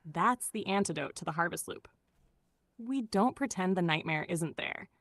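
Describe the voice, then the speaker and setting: A woman's voice: lowish voice, animated, moderate pace, gravelly, a bit bright, dry recording. A woman's voice, an AI co-host delivering an intense, conspiratorial pep talk that counts off steps, recorded close and dry. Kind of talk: scripted motivational talk.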